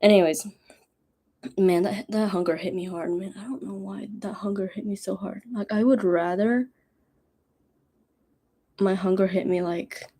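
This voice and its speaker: A woman's voice: mid-range voice, steady tone, a little slow, long pauses, dark tone, slightly rough. A young woman, a college student, rambling casually on her study stream with self-mocking asides. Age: young adult.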